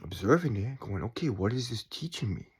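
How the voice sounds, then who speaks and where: A man in his forties talking in a calm, reflective way about staying chill, with sighs and quiet asides. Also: on the low side, brisk, slightly rough. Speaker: spiritual vlogger. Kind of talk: casual reflective monologue.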